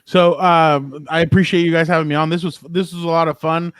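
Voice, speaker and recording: A man's voice: on the high side, little pitch movement, a little fast, fairly bright tone, clean tone, no echo. A man guesting on a sports podcast as a beat writer, talking in an enthusiastic, chatty way with lots of fillers and restarts. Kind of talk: casual chat.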